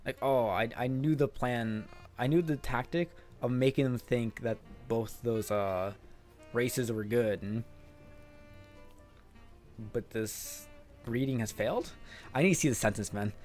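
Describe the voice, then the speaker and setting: A man's voice: mid-range voice, a little slow, darkish tone, faint music behind. Laid-back streamer guy, laughs a lot. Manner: laid-back, laughs often, swears, says "dog" and "man". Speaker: streamer reading chat and translating manga. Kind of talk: casual live-stream chat.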